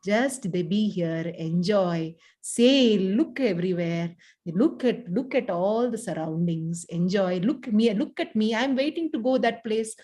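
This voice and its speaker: Woman voicing a relaxed, gently amused rat in a told fable: soothing, unhurried, Indian English. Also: mid-range voice, close to an everyday voice.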